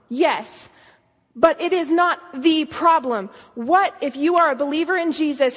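A woman giving an earnest sermon, telling a story and asking emphatic questions. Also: high-pitched. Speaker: speaker. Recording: long hall reverb.

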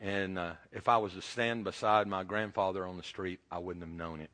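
A man, preaching a sermon and telling a personal story, swinging from loud emphasis to hushed tones. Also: low-pitched, fairly even intonation, fairly quick. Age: 50s or older.

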